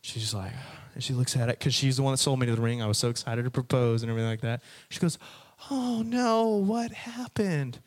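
A young man preaching a personal testimony to a youth audience, with lively storytelling and frequent direct asides. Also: mid-range voice, very fast, few pauses. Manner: animated storytelling, addresses the audience. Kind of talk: sermon testimony.

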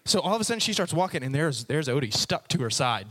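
Animated young man preaching to youth. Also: a little high, fast talker. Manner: animated storyteller, acts out voices, laughs often. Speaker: youth pastor. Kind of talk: casual youth sermon.

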